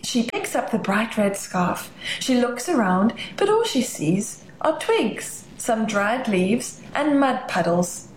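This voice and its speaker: Slow, expressive woman reading a children's story. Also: a little high, a little hiss or hum. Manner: gentle, expressive, with hushed asides. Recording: roomy echo, faint ambience.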